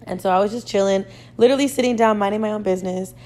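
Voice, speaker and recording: A woman's voice: medium pitch, racing, darkish tone. A young woman hosting a podcast who tells a story in a chatty, casual way, swearing freely and using lots of "like" fillers. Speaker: podcast host.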